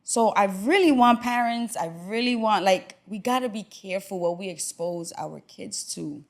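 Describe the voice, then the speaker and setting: A woman talking as a podcast guest in casual chat, earnest and emphatic. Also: medium pitch. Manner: earnest and emphatic, quick reactions.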